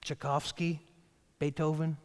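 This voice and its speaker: A man, the pastor, preaching a sermon in an animated way, often repeating phrases and stumbling on the starts of words. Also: fairly high pitch, unhurried. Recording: church hall with long reverb.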